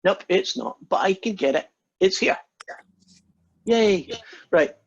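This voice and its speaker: A man's voice: high-pitched, expressive, slow pace, vocal fry, breathy edge. A man who teaches math and gives a chatty, joking lecture over a video call, with many fillers and restarts. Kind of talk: casual online lecture. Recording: dull lo-fi online call audio.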